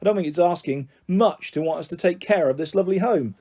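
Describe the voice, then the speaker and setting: A man's voice: high voice, quick pace, mellow. A man doing a bullying mock-jolly dad. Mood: menacing. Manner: taunting, mock-jovial then harsh. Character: bullying middle-aged father, menacing and sneering.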